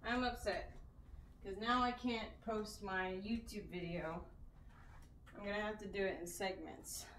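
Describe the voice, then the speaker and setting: A woman talks slowly and easily to her stream between sets, counting reps out loud as she works out. She sounds a little out of breath, and her voice carries into a roomy space from a mic set some distance away. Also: mid-range voice, steady tone, a little hiss or hum. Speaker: fitness streamer. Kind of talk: live-streamed workout chat.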